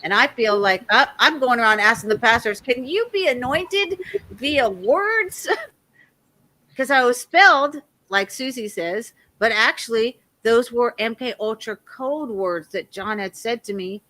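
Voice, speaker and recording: A woman in her fifties, a guest telling a long rambling story in a loud, animated way and laughing often. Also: on the high side, unhurried.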